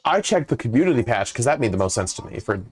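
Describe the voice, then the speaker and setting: A man's voice: mid-range voice, big pitch swings, fast. A man co-hosting a gaming stream, chatting casually, laughing often and swearing now and then. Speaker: co-host running the game controls.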